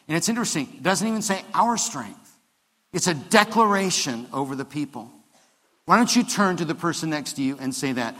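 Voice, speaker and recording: Guy preaching a sermon, kinda high voice, chatty with lots of restarts, big echoey church hall. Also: expressive, brisk, a bit bright. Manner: conversational preaching with restarts and rising emphasis. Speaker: pastor. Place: church sanctuary. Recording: long hall reverb of a church.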